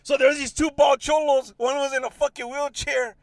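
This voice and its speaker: High-voiced profane man storyteller. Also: level tone, fairly quick, gravelly, no room sound. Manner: profane, laughs often, acts out voices in his stories. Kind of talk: casual storytelling chat.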